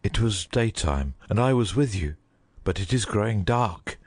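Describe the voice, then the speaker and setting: A man playing an anguished, husky huntsman. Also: lowish voice, animated, unhurried. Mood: worried. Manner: anguished, emotional. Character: anguished loyal male huntsman. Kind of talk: dramatized audiobook reading.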